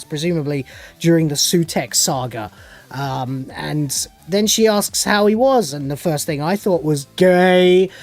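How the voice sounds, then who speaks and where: A man giving a casual spoken recap of a TV episode as a reviewer, sarcastic and dismissive, rambling with many fillers. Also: a little high. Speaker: show reviewer.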